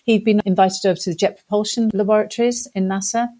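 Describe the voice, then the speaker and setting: An English woman, a podcast guest, telling stories in a casual, animated way, laughing often and poking fun at herself. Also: mid-range voice, fast talker. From England. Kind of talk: casual storytelling.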